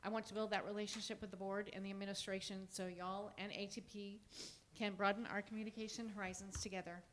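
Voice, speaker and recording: A woman's voice: medium pitch, level tone. A middle-aged woman, a teacher giving an earnest prepared statement at a public forum. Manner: earnest, measured, reading a speech.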